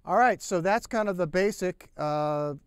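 A man giving a relaxed, chatty drum lesson, counting beats aloud as he plays. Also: high-pitched, a little slow, smooth, no echo. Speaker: drum teacher. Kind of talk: casual spoken drum lesson.

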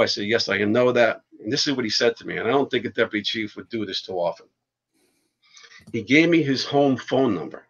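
A man, a podcast guest and fire chief, telling stories in a casual, animated way and swearing freely. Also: medium pitch, a little fast, breathy edge. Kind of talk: casual storytelling. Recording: dull lo-fi podcast audio.

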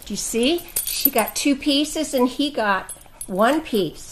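A woman teacher reading a picture book aloud to children, gentle and explanatory. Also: high-pitched, expressive, slow.

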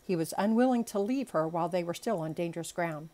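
A woman with a rather low, dark-toned voice reads a classic novel aloud at a quick pace as an amateur audiobook. She drops in chatty asides and stumbles over unfamiliar words.

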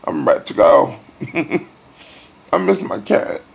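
A middle-aged man in a hospital room, weary and near tears, talking in a personal video diary with sighs and halting pauses. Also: medium pitch, wildly swooping pitch, creaky, husky. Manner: emotional, sighing, halting. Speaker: vlogger.

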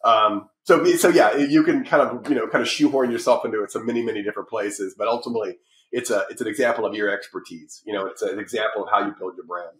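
A middle-aged man with a low-pitched voice, chatting as a podcast guest. He rambles with frequent restarts and fillers, and the sound bounces around a roomy space. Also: fast. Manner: rambling, lots of restarts and fillers, animated when telling stories. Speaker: podcast guest, publishing company founder. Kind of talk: casual interview talk.

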